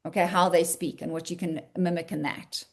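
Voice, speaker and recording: A South African woman with a lowish voice leads an online writing workshop over a video call. She explains patiently and encouragingly, thinking aloud with frequent ums and likes. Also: fairly even intonation, brisk.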